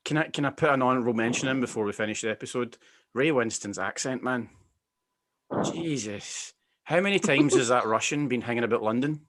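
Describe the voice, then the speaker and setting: A Scottish man hosting a casual film chat, giving emphatic, animated opinions. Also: medium pitch, brisk. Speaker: podcast host.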